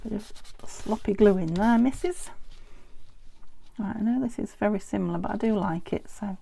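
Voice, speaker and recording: A woman's voice: mid-range voice, moderate pace, gravelly, dark tone. A British woman from the UK chatting casually while making a craft project, often dropping into a half-whispered mutter to herself. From United Kingdom. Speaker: junk journal crafter. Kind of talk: casual craft vlog chat.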